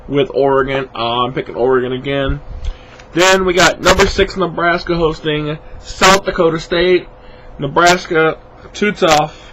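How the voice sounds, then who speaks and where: Guy rambling thru his picks, sleepy n yawny, lotta ums, noisy audio. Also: on the high side. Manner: rambling, many fillers, self-correcting. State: sleepy, yawning. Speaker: sports vlogger making picks. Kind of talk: casual spoken predictions.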